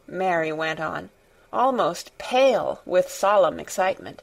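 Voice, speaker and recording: Female audiobook reader, steady storytelling, slow unhurried pace. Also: on the low side, vocal fry. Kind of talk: scripted narration.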